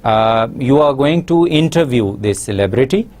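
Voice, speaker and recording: A man giving a recorded university lesson, explaining slowly with many pauses and fillers. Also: medium pitch, expressive, a little mellow. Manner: slow, explanatory, frequent uh fillers. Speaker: English lecturer.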